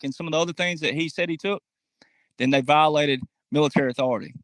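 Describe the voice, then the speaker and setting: In a dry recording, a man with a slightly high, somewhat bright voice delivers an emphatic political commentary monologue. He speaks directly to his audience and acts out quotes in mocking voices.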